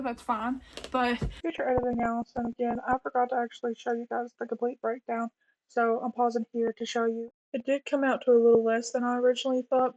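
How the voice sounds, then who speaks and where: A woman's voice: on the high side, a little mellow, lo-fi sound. A woman with a Southern country accent, showing off a yarn haul in a rambling, casual way with lots of fillers and some near-whispered asides. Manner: chatty, rambling, many "like" fillers, drops to a near-whisper at times. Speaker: crafting vlogger. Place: home, indoors.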